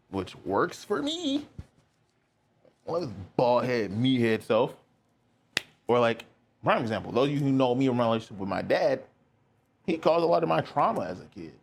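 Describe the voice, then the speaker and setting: A man's voice: mid-range voice, creaky, a little hiss or hum. A young man hosting a podcast, telling a personal story in a candid, rambling way with lots of filler words. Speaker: podcast host.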